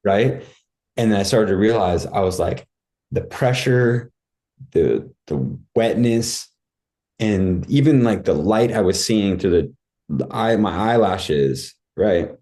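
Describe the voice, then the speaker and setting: This man, a podcast guest, shares a personal story slowly in a fairly low, warm, laid-back voice. He acts out his own cries as he narrates casually and vividly, and "like" and "dude" fill his talk.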